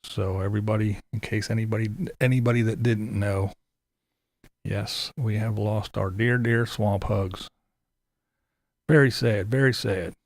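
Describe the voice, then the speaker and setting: A man's voice: lowish voice, fairly even intonation, unhurried, dry recording. A man hosting a casual livestream, greeting viewers by name and chatting loosely. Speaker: livestream host.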